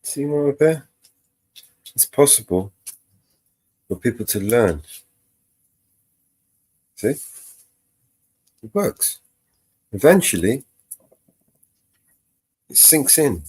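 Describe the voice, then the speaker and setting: A man's voice: mid-range voice, lively intonation, extremely slow, pauses often, darkish tone, breathy edge, no echo. A man co-hosting a live panel stream, blunt and rambling, swearing freely with lots of fillers. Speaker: livestream co-host. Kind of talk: casual live panel chat.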